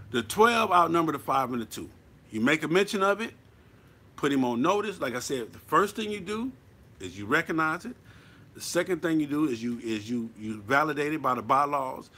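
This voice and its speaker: A man's voice: fairly high pitch, expressive, brisk, sharp tone, slight background noise. A man giving blunt, profane, preachy advice as a motorcycle club member in a casual monologue.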